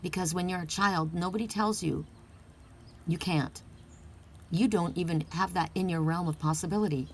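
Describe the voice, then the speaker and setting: A woman's voice: fairly low pitch, fairly even intonation, moderate pace, slight background noise. A middle-aged woman giving an earnest, heartfelt oracle card reading, emphatic and casual.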